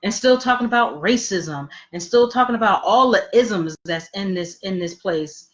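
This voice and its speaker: A woman's voice: medium pitch, animated, moderate pace. A woman co-hosting a casual podcast chat, talking bluntly and emphatically and swearing freely. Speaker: podcast co-host.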